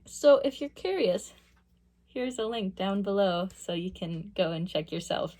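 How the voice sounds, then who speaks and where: A young woman talks her way through a listening session as a music student, casual and analytical. She thinks out loud, with a mid-range pitch and an easygoing chatty flow. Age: young adult. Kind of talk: casual listening reaction commentary.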